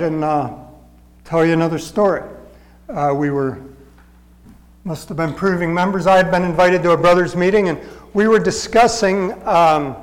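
A man preaching a storytelling sermon in a conversational, halting way. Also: high voice, big-room sound, low-quality recording. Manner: conversational, halting, with fillers and restarts.

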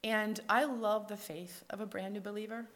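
A woman shares her faith testimony, telling the story in an animated way. She acts out each character's words and drops to a hushed whisper at tender points. Her voice sits in a middle pitch. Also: moderate pace. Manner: lively storyteller who acts out quoted dialogue.

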